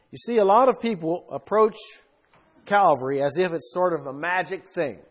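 A man preaching a sermon with emphasis, swinging between loud bursts and quiet asides. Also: sits high, moderate pace.

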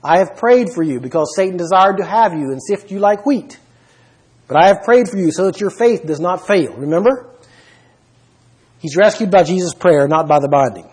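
A man's voice: sits high, expressive, normal speed, a little mellow, slightly rough, low-quality recording. A man preaching a Bible teaching sermon, emphatic, asking the listeners questions and citing verses.

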